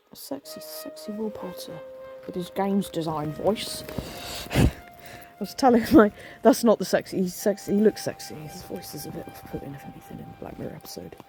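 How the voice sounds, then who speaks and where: A woman in her thirties with vocal fry, tired from lack of sleep, chatting casually and rambling with lots of fillers while playing a video game. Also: lowish voice, mellow. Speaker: game streamer. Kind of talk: casual let's-play commentary.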